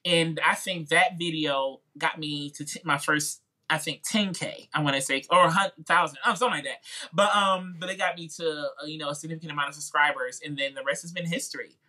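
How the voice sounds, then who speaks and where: Here a Midwestern American music YouTuber chats as a podcast guest, recounting his story with plenty of "like" and "you know." His pitch is fairly high and steady, his pace a little fast, and his tone bright and forceful. The delivery is informal and talkative, with quoted voices acted out, in a casual interview setting.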